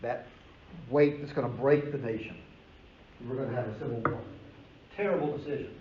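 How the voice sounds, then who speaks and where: Man, professor lecturing a class, energetic and emphatic, casual asides, echoey room, faint noise. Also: mid-range voice, fairly quick. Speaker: history professor. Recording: roomy, dull lecture recording with faint noise.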